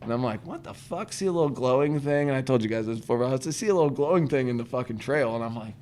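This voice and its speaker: A man's voice: medium pitch, racing, darkish tone. A young man from Indiana, a podcast co-host, telling a rambling camp story in casual chat and swearing constantly. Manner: rambling, heavy swearing, acts out his own reactions.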